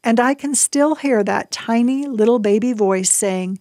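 A woman reading a Christian book aloud on a radio program, in a measured, earnest way. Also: fairly high pitch, a little mellow, no echo, clean studio sound. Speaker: book reader.

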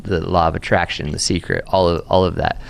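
A man's voice: low-pitched, flat delivery, fairly quick, creaky. A man who is a pastor, talking earnestly in a casual interview and often repeating words as he thinks aloud. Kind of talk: conversational podcast interview. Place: Austin, Texas.

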